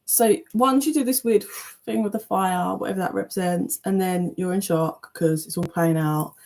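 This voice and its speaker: A woman giving a casual, chatty tarot reading, animated, with loose language and playful asides. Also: on the low side, moderate pace. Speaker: tarot reader.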